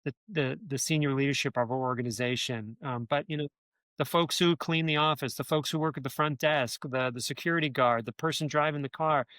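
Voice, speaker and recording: A man's voice: mid-range voice, fairly even intonation, brisk, a bit bright, no room sound. A man, a former speechwriter, telling stories in an interview, rambling with many restarts and filler words. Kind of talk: conversational interview storytelling.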